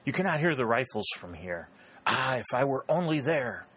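A man's voice: medium pitch, big pitch swings, moderate pace, slightly rough, voice pushed up. A man playing a wounded, restless young soldier. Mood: eager. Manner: eager, forceful outbursts.

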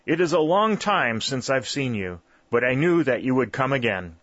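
Man doing a high strong-voiced ancient woman, fierce, formal, solemn storybook elder, dull dry recording. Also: sing-song, normal speed, a bit bright, no room sound. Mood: solemn, fervent. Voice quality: high-pitched but strong voice. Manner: formal, solemn welcoming speech. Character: very old woman, over a hundred, fierce, entranced.

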